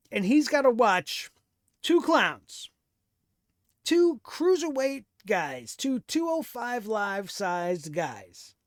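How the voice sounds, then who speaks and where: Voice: medium pitch, no echo, clean studio sound. Profane, heated wrestling show reviewer. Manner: profane, sarcastic, heated rant.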